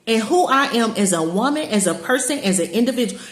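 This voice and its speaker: A woman's voice: on the high side, expressive, fairly quick, roomy sound. A woman preaching casually and emphatically to her viewers, repeating herself and calling them y'all. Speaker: spiritual teacher and online community leader.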